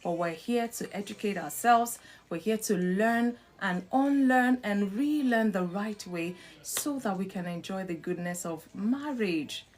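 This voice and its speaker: A middle-aged woman hosting a live talk on marriage, animated, acting out short quoted exchanges and laughing between points. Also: mid-range voice, measured pace. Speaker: host.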